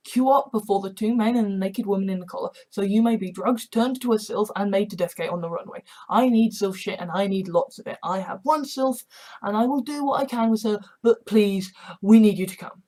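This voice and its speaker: A woman's voice: medium pitch, dark tone, natural voice. A woman doing a rambling male eldritch monster.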